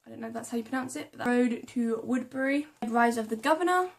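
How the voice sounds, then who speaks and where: Talking fast in a slightly high voice, a young female book vlogger chats casually about her book haul. She reads the blurbs aloud and stumbles over names and hard words.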